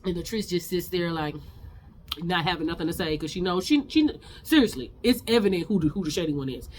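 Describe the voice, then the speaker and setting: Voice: mid-range voice, lively intonation, fairly quick, a little hiss or hum. A host giving a casual, rambling reality TV recap, full of opinions and restarts.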